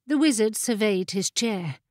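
A woman narrating a fantasy audiobook in a measured, expressive storytelling voice, on a close studio mic. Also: medium pitch, no echo.

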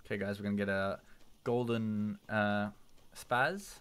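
A young man commentating his own live gameplay, jumping between loud yelps and low muttering. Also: steady tone, a little slow, clean tone. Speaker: livestreamer. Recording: noisy home stream mic with key clicks.

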